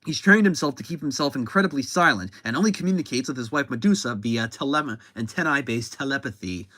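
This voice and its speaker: A man's voice: medium pitch, animated, quick pace, sharp tone, no room sound. A man casually recapping a comic book, rambling and often correcting himself mid-sentence. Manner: rambling, self-correcting, chatty.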